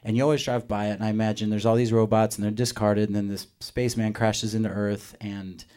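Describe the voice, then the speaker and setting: A man's voice: lowish voice, flat delivery, fast, darkish tone, clear, resonant tone. A man in his thirties, a musician guest on a live radio show, telling rambling stories with jokes. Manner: rambling, joking storyteller. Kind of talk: live radio interview, casual chat. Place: radio studio.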